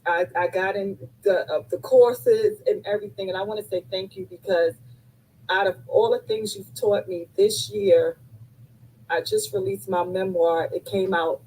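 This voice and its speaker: A woman's voice: medium pitch, moderate pace, darkish tone, husky, rough recording. A woman in her fifties on a live call, tearful and effusive, thanking the host over and over. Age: 50s. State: crying. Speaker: caller on a live stream.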